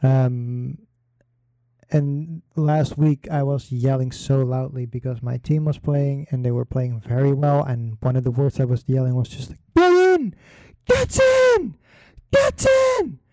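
Male host, unhurried solo chat, very dark mellow voice, dry close sound, rambling with fillers. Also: medium pitch, no echo. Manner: rambling, many fillers and pauses; slow, relaxed delivery. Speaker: podcast host. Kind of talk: casual solo talk.

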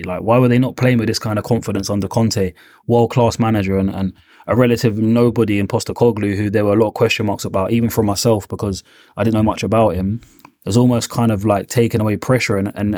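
Low-voiced man chatting about football. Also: a little mellow, no room sound, clean studio sound. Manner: upbeat, rambling with fillers like man. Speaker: podcast guest pundit. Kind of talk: casual football chat.

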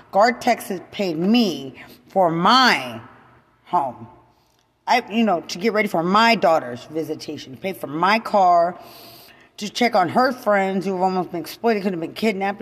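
A woman's voice: fairly low pitch, animated, unhurried, breathy edge. Furious profane woman ranting, echoing. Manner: profane, repetitive, swings between shouting and muttering. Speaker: mother venting to camera. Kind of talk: angry unscripted rant.

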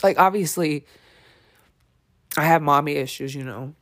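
Blunt, halting woman podcaster. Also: sits low. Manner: blunt and emphatic, with frequent swearing; halting, with many fillers and restarts. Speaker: podcast host. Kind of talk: candid personal podcast monologue.

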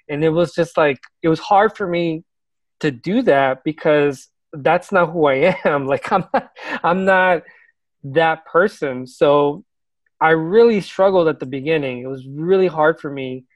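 Male teacher, earnest storyteller, slightly high voice, dry close sound. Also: normal speed, dry recording. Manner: earnest, reflective, laughs now and then. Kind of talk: casual personal storytelling.

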